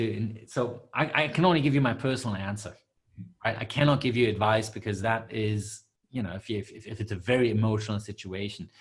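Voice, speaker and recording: A man hosting a live webinar Q&A as a coach, answering questions with many fillers and restarts. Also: lowish voice.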